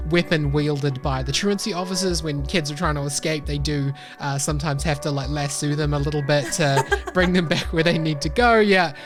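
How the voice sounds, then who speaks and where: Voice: medium pitch, moderate pace, few pauses. Chatty game master over faint music. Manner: loose and chatty, with many fillers. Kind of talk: narrating a tabletop game.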